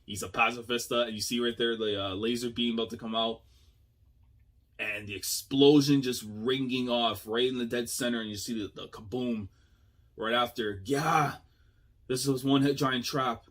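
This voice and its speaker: A man giving casual, excitable reaction commentary as a YouTuber, thinking aloud with slang and frequent laughs. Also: mid-range voice, normal speed.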